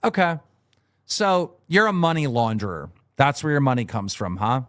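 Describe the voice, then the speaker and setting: A man's voice: medium pitch, big pitch swings, moderate pace, a bit bright. Pointed, questioning male panelist. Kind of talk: casual livestream questioning.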